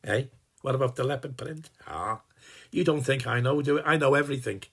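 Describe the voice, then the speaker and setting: A gravelly, husky old rascal of a dad, played by a man in his eighties, who rambles and swears his way through a comic Christmas greeting. He boasts that he knows everything and wanders off into long chatty asides. His voice is rough and gritty, with a breathy edge. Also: medium pitch, brisk, a bit bright. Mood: jokey. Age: 80s. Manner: rambling and chatty, swears casually, trails off and restarts. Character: gruff, cheeky old working-class dad, all-knowing boaster. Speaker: sending a personalized Christmas video greeting. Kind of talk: rambling in-character comic monologue.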